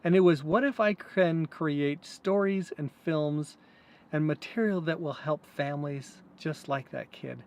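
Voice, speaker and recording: A man's voice: on the high side, measured pace, darkish tone, slight background noise. A man hosting a vlog, earnestly and reflectively telling a personal story with some hesitant fillers. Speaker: host.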